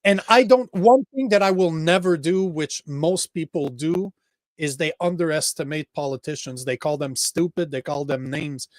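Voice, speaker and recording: A man with a French accent and a fairly high voice hosts a casual political podcast at a moderate pace. He gets heated, swears and restarts often, and the clean studio recording has no echo.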